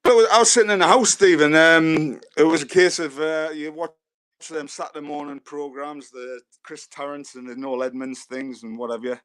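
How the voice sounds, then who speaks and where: Lively Geordie man telling stories. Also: fairly high pitch, moderate pace, clear, resonant tone. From Newcastle, England. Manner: lively storyteller who acts out the voices of others. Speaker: guest, former footballer. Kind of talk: casual anecdote telling.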